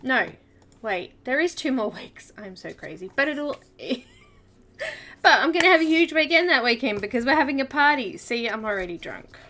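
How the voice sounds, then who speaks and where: Giggly, lively-voiced woman streamer. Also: high voice, moderate pace, slight background noise. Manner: giggly, chatty, greets viewers by name. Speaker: coloring livestream host. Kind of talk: casual live-stream chat.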